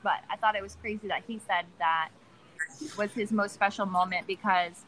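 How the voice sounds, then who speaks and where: A woman's voice: medium pitch, fairly even intonation, normal speed, a bit bright, a little hiss or hum, low-quality recording. A young woman speaking as a podcast guest, earnest and reflective in casual chat.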